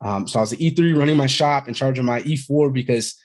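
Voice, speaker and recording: Speaking fast in a slightly mellow, medium-pitched voice, this thirtysomething podcast guest draws on his time as a Marine for casual storytelling. He is open and long-winded, drifting somewhat and cursing freely.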